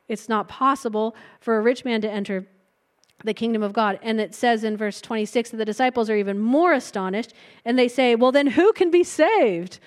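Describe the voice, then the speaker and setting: A woman preaching a sermon in a conversational way, retelling a Bible story and breaking into light laughs between points. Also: mid-range voice.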